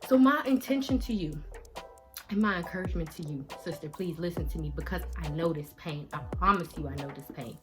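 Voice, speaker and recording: A woman speaking in a fervent, preachy style, delivering faith-based encouragement straight to the viewer. She swings from hushed to loud and drops casual slang into her advice. Faint music plays softly behind her. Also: lowish voice. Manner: emphatic and preachy, swinging between soft and loud. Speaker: vlogger giving life advice. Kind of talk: faith-based motivational talk.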